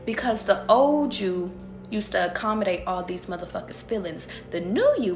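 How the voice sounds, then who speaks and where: A woman's voice: medium pitch, normal speed, faint music behind. Profane, emphatic woman in a roomy echo. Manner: profane, emphatic, rhetorical questions; talks straight to viewers. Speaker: tarot reader. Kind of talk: casual livestream pep talk.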